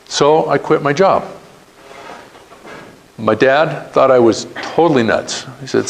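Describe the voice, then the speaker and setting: A man's voice: medium pitch, normal speed, gravelly, rough recording. A middle-aged man, telling his career story as a guest speaker to students and acting out quoted dialogue. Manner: earnest anecdotal storytelling, acts out quoted dialogue.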